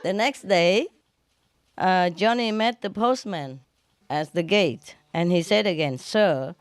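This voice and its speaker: A woman's voice: lowish voice, a little slow, dry recording. A woman telling jokes to an audience, laughing often at her own punchlines, with non-standard English grammar.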